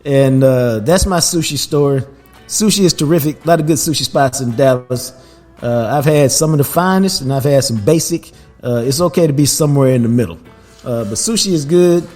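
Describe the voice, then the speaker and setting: A man, hosting a podcast and telling a family story in a relaxed, casual way, laughing as he goes. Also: mid-range voice, brisk, soft background music. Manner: laid-back, laughs while telling stories. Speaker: podcast host.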